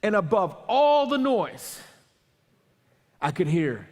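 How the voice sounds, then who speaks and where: A man preaching a sermon as a pastor, telling a story with animated, acted-out quotes and then praying quietly. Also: high voice, measured pace, long pauses, long reverb tail.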